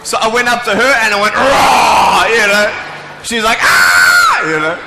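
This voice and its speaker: A man's voice: high-pitched, brisk, shouting, very noisy. A man, giving a humorous motivational talk to a live audience and joking with the crowd. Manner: playful, jokey, chatty with the crowd. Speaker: motivational speaker. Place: large hall with audience. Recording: echoey hall with faint music.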